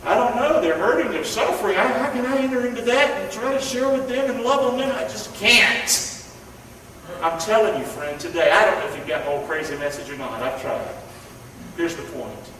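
A man's voice: fairly high pitch, fairly bright tone. A male pastor preaching a fervent sermon, calling on the congregation to repeat his words. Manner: fervent preaching with call-and-response. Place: church. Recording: echoey hall from far off, noisy.

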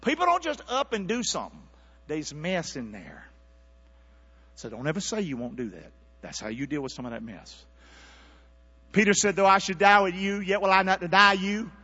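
A man preaching a sermon, calling out to the congregation and swinging from near-whispers to shouts. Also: high-pitched, big pitch swings, moderate pace, slightly rough, in a large hall, muffled recording. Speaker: pastor. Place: church sanctuary.

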